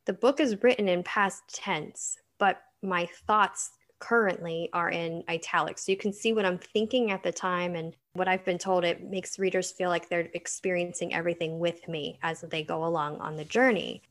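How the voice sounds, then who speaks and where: A woman's voice: lowish voice, fairly even intonation, normal speed, hardly any pauses. Earnest woman author telling stories. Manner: earnest, storytelling, laughs often. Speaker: author guest. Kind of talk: casual interview chat.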